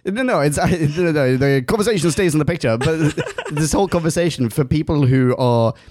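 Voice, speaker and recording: A man's voice: a little high, animated, brisk, darkish tone. A man hosting a casual podcast chat, steering topics, reading out notes and laughing often. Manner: steers the talk, reads notes aloud, laughs a lot. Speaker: podcast host.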